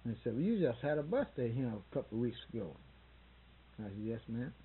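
A man's voice: medium pitch, very animated, quick pace, breathy edge, narrow, tinny audio. A man in his sixties telling a rambling, folksy anecdote in an interview, acting out both sides of the conversation he recalls. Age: 60s. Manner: rambling folksy storyteller who quotes others. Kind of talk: casual spoken anecdote.

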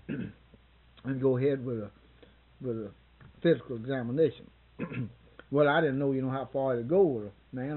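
A man's voice: on the high side, breathy edge, narrow, tinny audio. A man in his sixties telling a rambling, folksy anecdote in an interview, acting out both sides of the conversation he recalls. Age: 60s. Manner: rambling folksy storyteller who quotes others. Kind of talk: casual spoken anecdote.

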